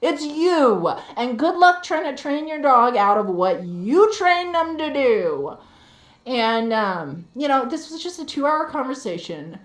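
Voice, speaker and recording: A woman's voice: sits high, very animated, a little slow. A woman live streamer ranting heatedly while she games, swearing and repeating herself for emphasis. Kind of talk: venting rant while gaming live. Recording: roomy echo.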